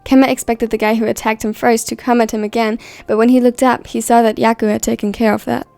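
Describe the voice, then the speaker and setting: A woman reading a story aloud in a steady, even scripted narration. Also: fairly high pitch, fast, gravelly, dry recording, soft background music. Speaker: fan fiction reader.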